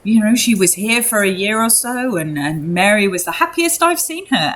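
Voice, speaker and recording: A woman voicing a weary, kindly young man who leads a village, talking in halting, soothing bits. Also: mid-range voice, a bit bright, poor audio. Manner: halting, soothing, full of restarts.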